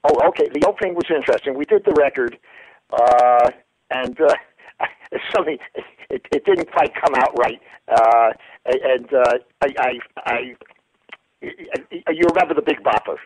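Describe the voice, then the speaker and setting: Brief: older male guest, husky voice, halting anecdotal delivery, dry close sound. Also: mid-range voice, no room sound, poor audio. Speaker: guest, former news reporter. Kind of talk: storytelling interview.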